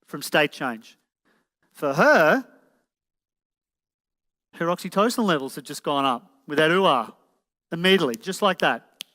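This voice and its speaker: Man, seminar presenter, bright tense voice, reverberant hall, quizzes the audience. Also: sits high. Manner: addresses the audience directly, asks for shows of hands. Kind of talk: motivational seminar talk. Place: seminar room with a live audience. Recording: echoey hall.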